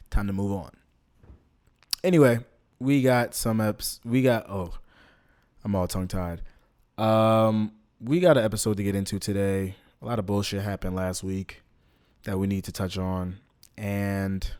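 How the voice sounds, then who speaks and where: A man's voice: on the low side, a little mellow. A young man hosting a podcast, talking loosely with slang and plenty of filler. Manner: laid-back, loose, lots of ums and slang. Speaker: podcast host. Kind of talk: casual podcast monologue.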